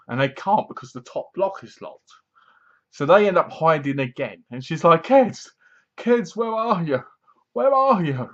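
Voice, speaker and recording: A man casually recapping a horror film, animated, acting out the characters' lines and laughing at his own jokes. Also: medium pitch, lo-fi sound. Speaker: movie reviewer.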